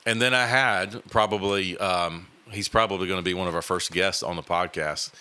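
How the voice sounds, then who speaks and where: A man's voice: deep voice, normal speed, sharp tone, smooth. A man, hosting a podcast and telling a personal story in a casual, earnest way, with many fillers and restarts. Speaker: podcast host.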